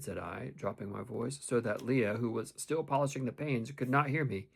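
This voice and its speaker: Male audiobook narrator, gravelly, husky, lively intonation, classic novel reading. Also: mid-range voice, moderate pace, few pauses. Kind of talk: first-person novel reading.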